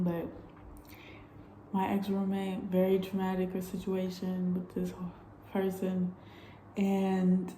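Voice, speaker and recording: A young woman telling stories from her solo trip in a candid, animated vlog, swearing often. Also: medium pitch, roomy sound, a little hiss or hum, low-quality recording. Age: young adult. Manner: candid, animated storytelling with frequent swearing and laughs. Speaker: travel vlogger. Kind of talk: casual storytelling vlog.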